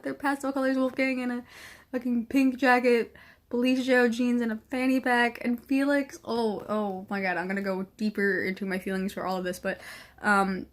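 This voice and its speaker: A woman reviewing a show in a casual, gushing way, teary from crying, swearing freely and trailing off into soft whispers. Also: a little high, level tone, moderate pace.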